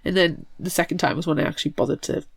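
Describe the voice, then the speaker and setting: A woman's voice: sits low, fairly even intonation, rapid-fire, vocal fry, husky, no room sound. A woman co-hosting a casual book podcast, chatty and enthusiastic as she summarizes a story. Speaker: podcast co-host.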